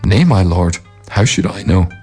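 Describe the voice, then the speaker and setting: A man's voice: sits low, lively intonation, normal speed, a little mellow, slightly rough, faint music behind, heavily acted. A man voicing a scornful, lying stepmother who answers mockingly in a storybook reading. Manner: mocking, flippant.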